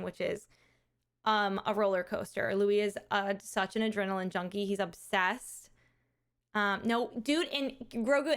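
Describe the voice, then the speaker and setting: A medium-pitched, smooth-voiced woman streams a charity fundraiser, chatting casually as she tells a story. Her energy is animated, with frequent laughter and easygoing swearing.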